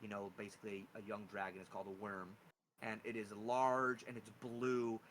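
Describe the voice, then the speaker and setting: A man's voice: medium pitch, a bit bright, slight background noise, rough recording. A man narrating a tabletop game as game master, describing scenes casually and humming little sound effects.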